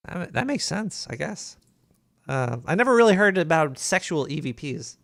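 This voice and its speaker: A man's voice: on the high side, very animated, normal speed, creaky, a bit bright, no room sound, clean studio sound. A man hosting a comedic call-in radio show as a paranoid cartoon rat, rambling and stumbling over his words as he reads emails. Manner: rambling, stammers and restarts while reading emails.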